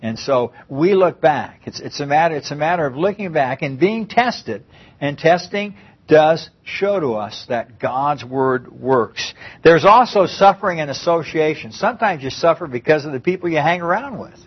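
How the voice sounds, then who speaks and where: A man's voice: fairly high pitch, lively intonation, normal speed, breathy edge, muffled recording. A man preaching a conversational Bible-teaching sermon, often repeating and restarting his phrases.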